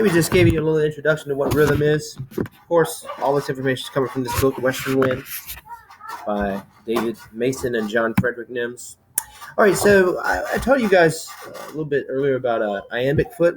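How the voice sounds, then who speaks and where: A man's voice: mid-range voice, a little fast. Man, teacher, casual slide lecture, recorded at home, faint background noise. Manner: casual, chatty, with asides to a child.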